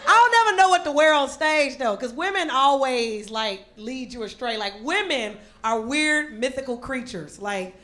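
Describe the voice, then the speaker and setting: A woman doing a stand-up comedy set on a club stage, loose and streetwise, breaking into loud mocking voices. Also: high voice, moderate pace, hardly any pauses. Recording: roomy club sound with audience noise. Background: audience laughter.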